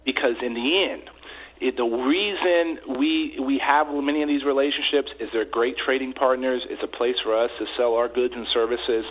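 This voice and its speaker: Husky man on a tinny phone line. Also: mid-range voice, steady tone, moderate pace. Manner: earnest, repeats words when starting sentences. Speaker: congressman guest. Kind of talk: phone-in interview answers.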